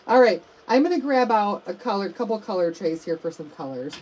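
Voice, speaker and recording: A middle-aged woman hosts a live craft demonstration, chatting to viewers as she works and calling them "you guys" and "y'all." Her medium-pitched, darkish voice is lively and a little fast with few pauses, though the audio is poor.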